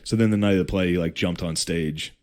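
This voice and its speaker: Deep-voiced man telling history casually. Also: a little fast. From Irish heritage. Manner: loose storytelling with swearing and put-on voices. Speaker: podcast host telling history. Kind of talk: casual profane chat.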